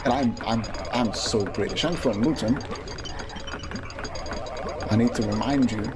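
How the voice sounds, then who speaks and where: A man's voice: mid-range voice, unhurried. A young man casually chatting and joking with his live-stream chat while playing a game. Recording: loud game music behind voice.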